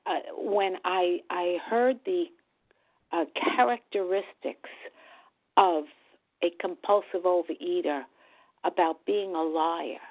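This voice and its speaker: A middle-aged woman sharing her personal recovery story at a meeting, talking in a halting, earnest way. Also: fairly low pitch. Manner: slow, halting, earnest, with pauses and restarts. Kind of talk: personal testimony at a support meeting. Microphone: phone call. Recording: tinny phone line.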